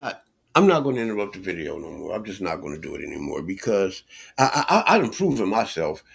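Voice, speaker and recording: Male reaction streamer, gravelly voice, heated and scornful, repeats himself. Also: sits low, very animated, fast. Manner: scornful, repetitive, swears a lot.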